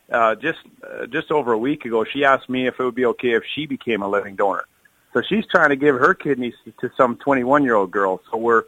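A man's voice: medium pitch, pushed and bright, dry recording, lo-fi sound. A man speaking earnestly and emotionally in a phone interview, often repeating words as he searches for them. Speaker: kidney donor, firefighter. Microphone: phone call.

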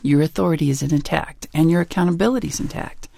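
A woman being interviewed as a parenting author, talking in an emphatic, animated way. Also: deep voice, fast, gravelly. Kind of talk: interview conversation.

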